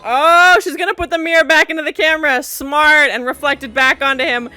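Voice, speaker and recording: A woman with a slightly high voice talks through an episode as it plays, in a casual, playful commentary. She laughs and jokes between remarks. The show's soundtrack runs clearly beneath her voice. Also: fairly even intonation, a little fast, pushed and bright. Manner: chatty, laughing, playful asides. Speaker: reaction video host. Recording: music from the show playing behind.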